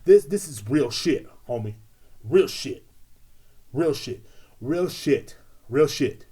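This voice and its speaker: A man playing a self-righteous, foul-mouthed adult man in a loud, repetitive satirical rant. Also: mid-range voice, lively intonation, slow, husky. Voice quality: loud, emphatic, swearing, repetitive.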